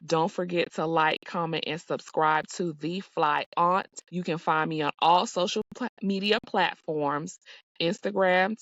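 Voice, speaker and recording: A woman's voice: low voice, no echo, muffled recording. A woman hosting a casual reality TV recap, chatty and sassy, with playful asides to her viewers.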